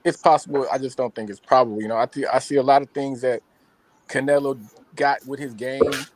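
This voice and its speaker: A man's voice: medium pitch, steady tone, brisk, dry recording, poor audio. A man on a panel chat, laid-back and profane, breaking down a fight. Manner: laid-back, profane, says "you know what I mean". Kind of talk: casual boxing analysis.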